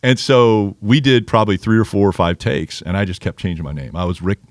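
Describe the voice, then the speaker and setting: Low-voiced man telling stories. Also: fairly quick, no room sound, studio quality. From Nebraska. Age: 50s. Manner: animated storyteller acting out quotes. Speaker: motorsport commentator, podcast guest. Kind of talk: casual storytelling interview.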